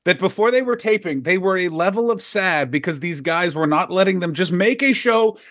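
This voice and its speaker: A middle-aged man, a comedian co-hosting a podcast, telling profane, animated stories in casual chat. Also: high-pitched, normal speed, dry recording, studio quality.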